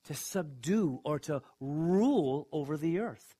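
A man preaching a sermon, emphatic, who asks his listeners questions and swings from hushed to loud. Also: expressive, takes it slowly. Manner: emphatic, dramatic swings in pitch and loudness. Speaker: pastor.

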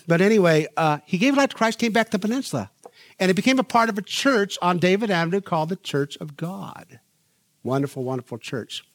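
A man's voice: a little high, no echo. A middle-aged man preaching a sermon as pastor, telling stories animatedly and acting out the people he quotes. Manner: animated storytelling, acts out quoted voices.

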